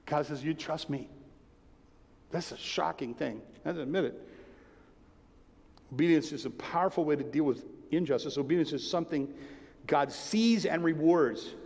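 A man preaching a sermon in a conversational, emphatic way, sometimes dropping to a hushed tone. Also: a little high. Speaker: pastor. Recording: long hall reverb.

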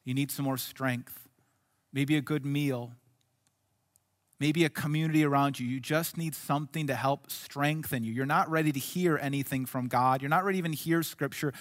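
A male pastor preaching a sermon in an earnest way, dropping to soft, hushed lines and then rising to emphatic ones. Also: medium pitch, fairly even intonation, normal speed, long reverb tail.

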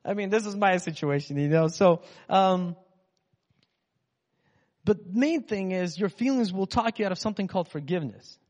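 High-voiced man preaching in a reverberant hall. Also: lively intonation, moderate pace, pauses often, darkish tone. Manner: chatty, rambling, acts out inner voices. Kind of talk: casual conversational sermon. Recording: dull sound with long hall reverb.

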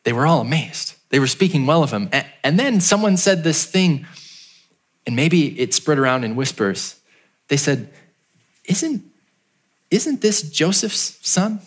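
Storytelling male pastor, mid-pitched. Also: expressive, normal speed. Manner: storytelling, voices the townspeople with a higher, raised pitch; drops low and quiet for emphasis. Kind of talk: sermon.

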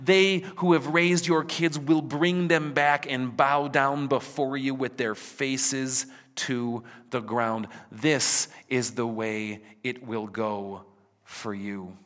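Slow-preaching man in an echoing hall. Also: medium pitch, fairly even intonation. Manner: rhetorical questions, dramatic voicing of God, drops to hushed near-whispers. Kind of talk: sermon. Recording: reverberant hall.

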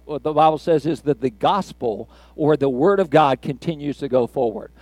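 An older man, a grandfather, preaching a sermon in a conversational, folksy way with halting restarts. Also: a little high, a little mellow, dry recording.

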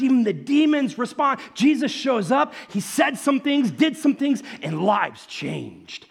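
A man's voice: extremely high pitch, takes it slowly, vocal fry, husky. A man preaching a casual, conversational sermon, addressing listeners as "guys". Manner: animated, conversational preaching with asides. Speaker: pastor.

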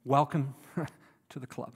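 A man preaching a sermon, swinging from loud emphatic lines to soft, near-whispered ones. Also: mid-range voice, fairly even intonation, takes it slowly, breathy edge. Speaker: pastor. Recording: long hall reverb.

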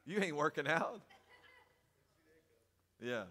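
A man preaches a sermon in a high, bright voice. He swings from calm teaching to loud, emphatic preaching. A long reverb from the hall trails his words. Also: slow pace.

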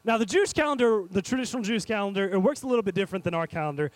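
A man preaching a sermon, animated and speaking straight to his congregation, swinging between loud and hushed. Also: sits high, rapid-fire, no room sound, low-quality recording. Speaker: pastor.

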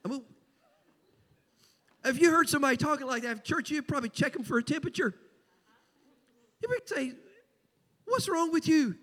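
A man's voice: very high voice, a little fast, long pauses, sharp tone. A man with a Southern US accent preaching a sermon as pastor, folksy and emphatic, repeating key phrases. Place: church sanctuary. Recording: long church hall reverb.

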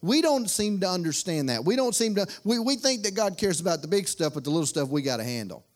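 High-voiced preacher man. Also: big pitch swings, fast talker. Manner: folksy, conversational preaching with repeated phrases. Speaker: pastor. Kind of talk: sermon.

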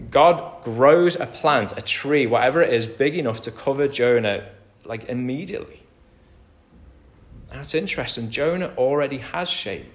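A man preaching a sermon, explaining a passage verse by verse and acting out the quoted lines with big swings in loudness. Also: mid-range voice.

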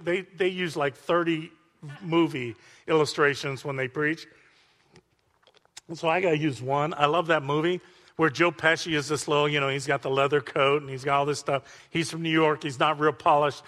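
A man preaching a sermon to a congregation, animated and full of call-outs to the listeners. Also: on the high side. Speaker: pastor. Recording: long hall reverb.

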